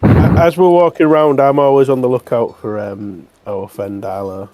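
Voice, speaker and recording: A man playing a tabletop game, stating his actions quickly and a little tentatively. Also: medium pitch, steady tone, warm tone, rough recording. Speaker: player. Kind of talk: tabletop play.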